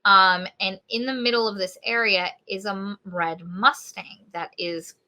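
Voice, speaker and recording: A woman's voice: mid-range voice, steady tone, unhurried, sharp tone. A woman co-hosting a podcast, casually retelling a novel's plot and acting out the characters' lines. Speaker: podcast co-host. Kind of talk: casual book review chat.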